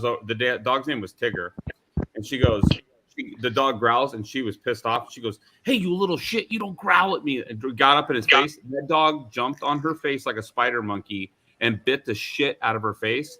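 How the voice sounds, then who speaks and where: A man hosting a live online chat about making things, telling animated, rambling stories with many restarts. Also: mid-range voice, moderate pace. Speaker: host of a live maker chat. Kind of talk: casual chat.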